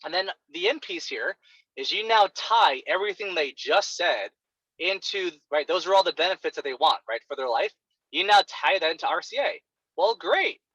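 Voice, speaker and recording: A man coaching on a call, explaining how to reframe what people say and acting out their excited reactions. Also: on the high side, moderate pace, husky, no room sound. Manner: animated, acts out clients' reactions. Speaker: sales coach. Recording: dull, lo-fi sound.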